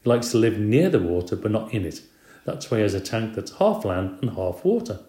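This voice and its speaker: A firm but patient woman teacher keeps her class in line with steady corrections and calm explanations, as a man reading a storybook puts her on. Her voice is lifted somewhat higher than his deep, mellow reading voice, set in a roomy, echoey space. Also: a little fast. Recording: roomy echo.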